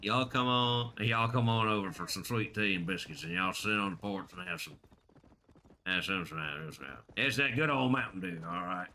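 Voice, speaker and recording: A hospitable country man with a thick Southern drawl, inviting folks up on the porch, as a game streamer hams it up. The voice is bright and pushed hard. The drawl is laid on thick for laughs. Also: lowish voice, normal speed, a little hiss or hum. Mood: hammy. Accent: put-on Southern US drawl. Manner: exaggerated, hammy country drawl.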